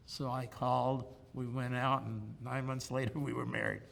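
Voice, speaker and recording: An older man with a gravelly, medium-pitched voice shares personal stories in an oral history interview, chatting and joking at a moderate pace. His delivery is flat and his tone fairly bright, captured on a lapel mic in a room with long reverb and faint ambience.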